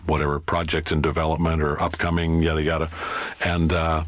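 A man's voice: extremely low pitch, monotone, brisk, slight background noise. Rambling self-deprecating middle-aged man. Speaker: actor guest. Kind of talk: casual chat.

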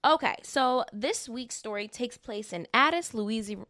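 A woman's voice: on the high side, a little slow, dry recording. Chatty woman podcast host, dry sound. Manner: chatty, animated, self-deprecating. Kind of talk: casual true-crime podcast chat.

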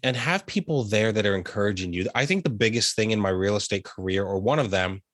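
A young American man, a realtor appearing as an interview guest, talks earnestly and grows emotional about his family in a heartfelt conversation. His voice is fairly low and fairly bright, he speaks quickly, and the studio recording is clean with no room sound.

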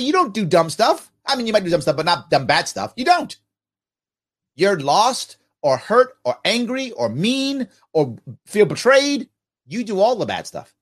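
Man, podcast host, emphatic, rhetorical questions, slightly high voice, very lively intonation. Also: moderate pace. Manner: animated and emphatic, asks himself rhetorical questions. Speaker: podcast host answering viewer comments. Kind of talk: casual livestream talk.

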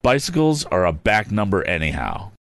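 A spoiled rich teenage bully, surly and sneering, as a man reading aloud puts him on. His voice sits low and gruff. He speaks like a storybook brat used to getting his way. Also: huge pitch swings, moderate pace, a bit bright, heavily acted.

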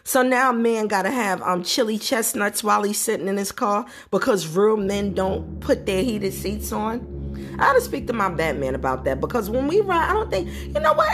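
A woman in her forties hosting a solo podcast, talking bluntly and with plenty of profanity as she tells stories from her own life. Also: mid-range voice. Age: 40s. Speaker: podcast host. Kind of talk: solo casual podcast talk.

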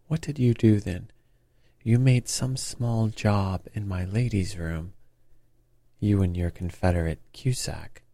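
Man reading as a cold, deliberate detective, low-voiced and unhurried, dry close sound. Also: warm tone, no room sound. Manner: measured, cold, accusing. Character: stern, cool-headed male detective questioning a thief. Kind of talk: audiobook character reading.

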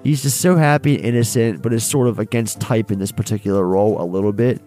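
A man's voice: lowish voice, fast talker, dark tone, faint music behind. A man co-hosting a movie podcast, chatting casually and enthusiastically with some swearing. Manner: enthusiastic, profane, repeats himself. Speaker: podcast co-host. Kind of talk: casual movie review chat.

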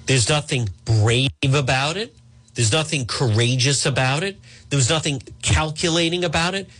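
A man's voice: mid-range voice, a bit bright, husky. A middle-aged man hosting a talk radio show, delivering a combative, sarcastic monologue. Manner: combative, sarcastic, mocking put-on voices.

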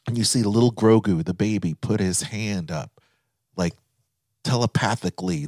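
A man in his thirties, co-hosting a chatty podcast, telling stories with excitement and acting out quotes. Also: on the low side, moderate pace, no echo, studio quality. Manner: excited storytelling, acts out quotes. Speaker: podcast co-host. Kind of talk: casual chat.

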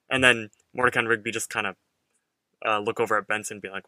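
A man's voice: fairly low pitch, fast, no room sound. A man in his twenties co-hosting a podcast, chatting casually and acting out characters' lines as he recaps a cartoon. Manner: animated, acts out characters' lines while recapping. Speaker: podcast co-host.

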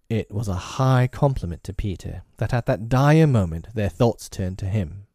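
A man reading a children's storybook aloud in an expressive storytelling manner. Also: fairly low pitch, moderate pace, few pauses, dry recording, clean studio sound. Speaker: narrator.

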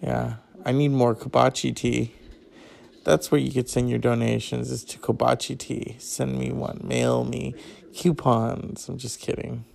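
A man's voice: mid-range voice, flat delivery, unhurried, vocal fry, darkish tone. A tired man hosting his own show, chatting in a rambling, casual way with crude asides and plenty of swearing.

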